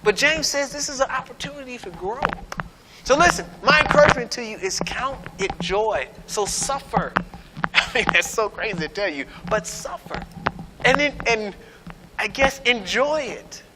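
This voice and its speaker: A man with a high voice delivers a relaxed, conversational sermon, tossing in sarcastic jokes and frequent checks with the crowd. His voice rings out with a long reverb in a large hall, over a steady hiss of background noise. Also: normal speed. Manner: conversational preaching, keeps asking "right?"; playful, sarcastic asides. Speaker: preacher.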